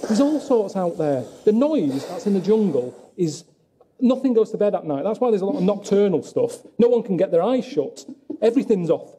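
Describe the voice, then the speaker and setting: A man moaning in a deadpan, glum way about his travels, talking to camera and to his friends. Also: sits high, a little fast, breathy edge. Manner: glum, grumbling, deadpan complaints. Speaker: travelling presenter. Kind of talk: documentary monologue and chat. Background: music.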